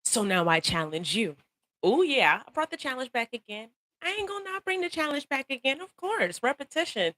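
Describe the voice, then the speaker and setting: This casual motivational livestream features a young host talking to her phone audience in a high-pitched, bright, sharp voice, a little fast. Chatty and animated, she laughs frequently, welcomes viewers by name and repeats herself for emphasis, with the audio dry and close and free of echo.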